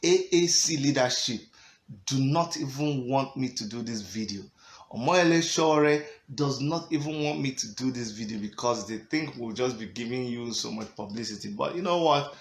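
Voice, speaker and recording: A man's voice: mid-range voice, lively intonation, normal speed. Middle-aged Nigerian man, mid-range voice, emphatic vlog rant, Pidgin-English mix, echoey room. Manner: emphatic, switches between Pidgin and English, chuckles often. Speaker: political party member.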